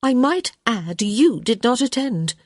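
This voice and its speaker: A woman's voice: a little high, animated, unhurried, breathy edge, no echo, voice pushed up. A woman voicing a stubborn young unmarried lady who answers her mother in a dry, teasing way. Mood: protesting.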